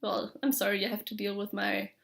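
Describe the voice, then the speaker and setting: A young woman from Germany with a German accent, chatting casually on her podcast, pausing often with fillers and small laughs. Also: medium pitch, flat delivery, vocal fry. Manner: hesitant, full of fillers, light laughs. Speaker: podcast host. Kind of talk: casual video podcast chat.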